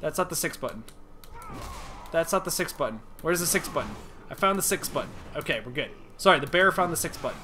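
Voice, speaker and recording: A man's voice: a little high, animated, fast talker, sharp tone, slight background noise. A man streaming a video game, talking to himself in playful, rambling chat. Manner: playful, rambling self-talk.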